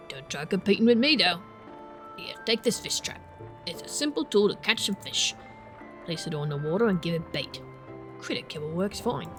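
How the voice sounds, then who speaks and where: A woman's voice: on the low side, a bit bright. A woman voicing Wilfred, a kindly older male animal who runs a fish store in a farming game, with a folksy, encouraging way of talking. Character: gruff older male fox-like fishmonger, kindly.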